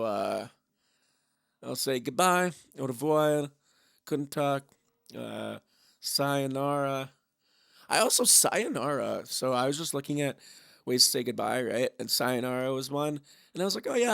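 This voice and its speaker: Gravelly young man rambling through a sign-off. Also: mid-range voice, expressive, measured pace, fairly bright tone, dry recording, clean studio sound. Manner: rambling, self-deprecating, swears. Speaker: podcast host. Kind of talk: casual podcast sign-off.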